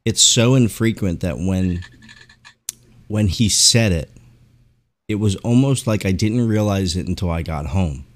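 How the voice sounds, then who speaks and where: A man hosting a podcast, telling animated stories in casual chat and swearing freely. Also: low voice, unhurried, pauses often. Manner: animated, profane storytelling. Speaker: podcast host.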